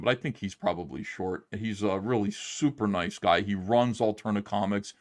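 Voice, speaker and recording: A middle-aged man, a comic book creator, telling a long story in a casual livestream monologue and acting out the quotes. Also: fairly low pitch. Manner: rambling, animated retelling with acted-out quotes.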